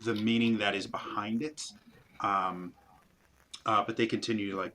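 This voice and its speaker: A man's voice: fairly low pitch, fairly even intonation, unhurried, long pauses, pushed and bright, low-quality recording. A man narrating a tabletop game as game master, rambling with many fillers.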